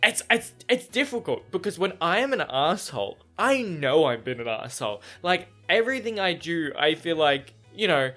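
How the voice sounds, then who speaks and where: A young man gives a casual reaction to a book he is reading, rambling and swearing in exasperation. His voice sits a little high for a man. Soft music plays faintly behind him. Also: sing-song, normal speed, hardly any pauses.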